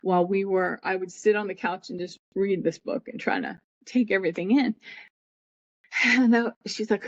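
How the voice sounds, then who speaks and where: A woman's voice: mid-range voice, steady tone, normal speed, no echo. Middle-aged woman telling her story, muffled. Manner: rambling, acts out quoted people in her story. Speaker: podcast guest. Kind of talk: emotional personal storytelling.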